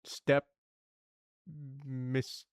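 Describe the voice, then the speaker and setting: Slow-talking young man solving puzzles. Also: no echo, studio quality. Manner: thinks aloud, swears, mutters clues to himself. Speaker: streamer. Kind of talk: casual puzzle-solving stream.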